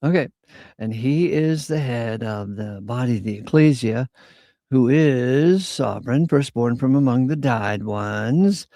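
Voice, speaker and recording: A man, a Bible teacher, leads an informal Bible study, reading scripture slowly and breaking off into casual asides at an unhurried pace. His voice is low-toned, mellow and gravelly, and the sound is dry and close, with no room echo.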